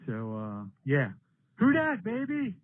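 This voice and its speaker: A man's voice: sits high, wildly swooping pitch, takes it slowly. A man talking casually and upbeat about his team's playoff chances. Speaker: podcast co-host. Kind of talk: casual chat. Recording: tinny phone-like line.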